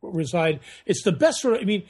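A man chatting as a guest on a podcast, telling rambling, animated stories. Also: high-pitched, a little fast, slightly rough. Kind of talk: casual podcast chat.

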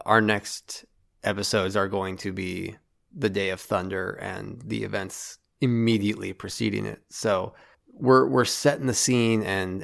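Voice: low-pitched, gravelly. A podcast co-host in casual chat, with dry, wry humor.

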